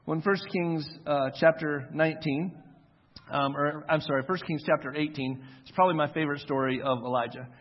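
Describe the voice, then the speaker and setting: A man's voice: fairly high pitch, moderate pace. A man in his forties preaching a sermon in a casual, conversational way, acting out the quoted voices as he tells the story. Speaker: pastor. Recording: echoey hall, dull lo-fi sound.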